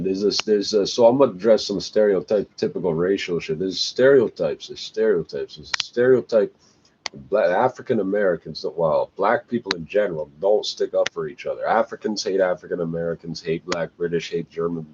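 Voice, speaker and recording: A man's voice: sits low, a little fast. A man, going on an agitated, profane, rambling rant. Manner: agitated, swearing, trailing "eh?". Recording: dull lo-fi recording, faint noise.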